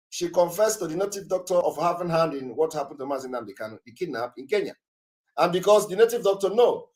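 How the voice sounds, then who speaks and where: Emphatic man hosting a call-in broadcast. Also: high-pitched. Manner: emphatic, repeats himself, many fillers. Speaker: broadcast host taking callers.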